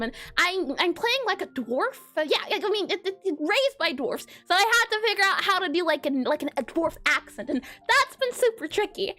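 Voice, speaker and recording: High-pitched, animated woman game dev, playful and giggly live-stream banter. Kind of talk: casual live-stream coding chat.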